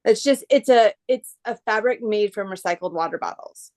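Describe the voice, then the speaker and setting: Speaking at a normal speed in a mid-range, slightly mellow voice, this Bay Area shoe-customizing artist gives a relaxed interview over video call. She rambles a lot and keeps starting her thoughts over.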